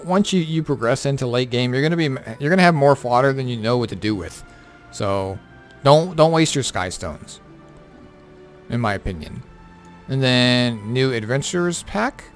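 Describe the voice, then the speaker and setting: A tired man who has been up all night, casually going over game patch notes with lots of fillers and offhand remarks. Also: mid-range voice. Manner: rambling, filler-heavy, offhand. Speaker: gaming content creator.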